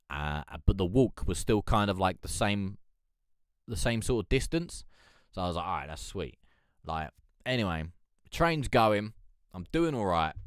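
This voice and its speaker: A man's voice: low voice, no room sound, clean studio sound. A young man hosting a casual live stream, telling a rambling story full of swearing and fillers. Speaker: livestream host.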